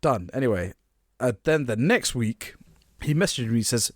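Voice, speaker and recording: A man's voice: medium pitch, big pitch swings, normal speed, no echo, studio quality. A young man co-hosting a podcast, animatedly retelling a story in casual chat and laughing often. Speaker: podcast co-host.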